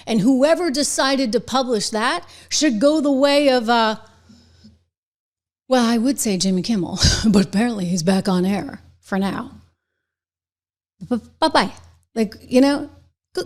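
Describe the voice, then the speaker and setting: A woman's voice: medium pitch, darkish tone. A middle-aged woman hosting her own show, speaking a political commentary monologue straight to her viewers with indignant, emphatic delivery. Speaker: show host.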